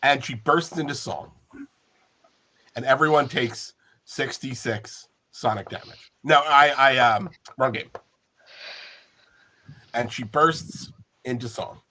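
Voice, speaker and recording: A man running a tabletop game as game master, playful, with quick asides. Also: medium pitch, bright, forceful tone.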